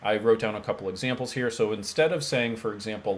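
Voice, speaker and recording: A lower-pitched man teaches straight to the viewer as a mental health coach, punchy and energetic, checking in with quick asides. A faint room hum sits under his voice. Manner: energetic, emphatic, talks straight to viewer with rhetorical okays. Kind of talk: direct-to-camera teaching.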